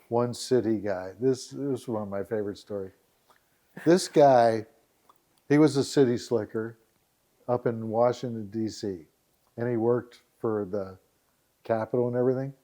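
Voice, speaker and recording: A man chatting as a podcast guest, animated and full of anecdotes. He laughs readily while he talks and drops into voices to quote people, with a mid-range pitch. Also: normal speed, long pauses. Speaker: founder of a rural dating site, podcast guest. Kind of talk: casual interview storytelling.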